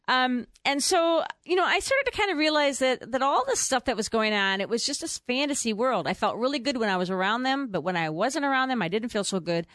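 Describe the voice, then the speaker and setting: Animated, chatty middle-aged woman. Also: on the high side, fairly quick, hardly any pauses, no echo, studio quality. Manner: animated storyteller, acts out quoted voices; rambling with many fillers and restarts. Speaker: guest. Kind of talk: personal story in an interview.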